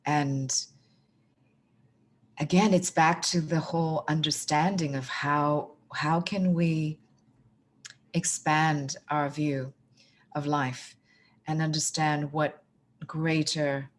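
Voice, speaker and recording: A woman hosting a podcast interview, asking questions and affirming her guest in a measured way. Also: low-pitched, fairly even intonation. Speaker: podcast host.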